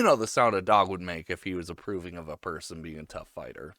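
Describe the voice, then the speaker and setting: A man's voice: sits low, fast talker, pushed and bright, no room sound, clean studio sound. A young man giving a casual, crude, joking anime recap, with lots of fillers. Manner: crude, jokey, full of fillers.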